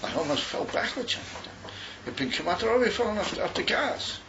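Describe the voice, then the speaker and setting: An older Australian man tells a wandering story at a yeshiva gathering, sprinkling in Yiddish words as he repeats himself and restarts. His voice is high-pitched with big swings in pitch at a normal speed. The recording is dull and noisy.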